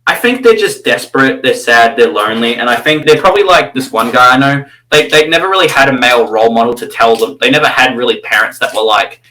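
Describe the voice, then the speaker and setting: A man's voice: mid-range voice, fairly quick, few pauses, pushed and bright, rough recording. An Australian man giving rambling, crude, mocking commentary, full of fillers and restarts. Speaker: channel host.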